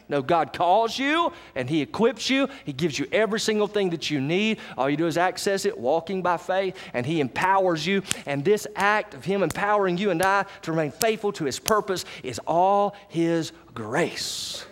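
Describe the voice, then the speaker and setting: A male pastor preaching to his congregation in a folksy, direct way, jumping from loud, high bursts to low, quiet lines. His voice sits fairly high for a man, and long reverb from the church hall trails each phrase. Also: expressive, moderate pace. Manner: folksy, calls out to the congregation, swings from loud highs to low murmurs. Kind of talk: sermon. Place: church sanctuary.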